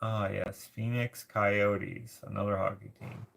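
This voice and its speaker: A man from Canada hosting a casual livestream, reading viewer comments aloud and rambling as he thinks out loud. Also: on the low side, level tone, slow pace, gravelly. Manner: rambling, thinks out loud while searching things up. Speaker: livestream host.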